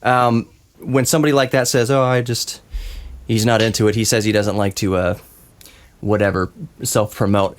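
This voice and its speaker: A man hosting a casual podcast roundtable, talking in rambling, self-interrupting runs and laughing often. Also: fairly low pitch. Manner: rambling, talks over himself, laughs often. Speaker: podcast host.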